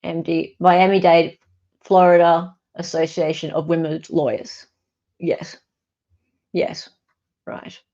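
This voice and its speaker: A woman's voice: fairly low pitch, level tone, slow, long pauses, mellow. An Australian woman hosts a casual livestream and reads viewer comments aloud. She talks in a chatty, wry way and corrects herself mid-sentence. The recording sounds dull and lo-fi. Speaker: online commentator.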